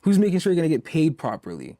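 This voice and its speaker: A man's voice: fairly high pitch, huge pitch swings, racing, dark tone, dry recording, clean studio sound. A man in his twenties from Zambia, a musician guest in a casual interview, talking emphatically with lots of repetition and "you know". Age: 20s. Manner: emphatic, repeats himself, many "you know"s.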